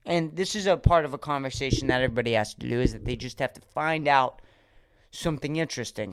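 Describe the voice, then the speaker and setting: Brief: male comedian, solo podcast host, smooth voice, dry close sound, rambling and animated. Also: medium pitch, a little fast, no echo. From Erie, Pennsylvania. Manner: rambling, animated, swears freely, acts out quotes.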